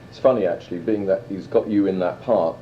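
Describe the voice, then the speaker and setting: A man interviewing a guest, speaking quietly and mostly with brief acknowledgements. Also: low voice, brisk. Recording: dull hissy tape, away from the mic.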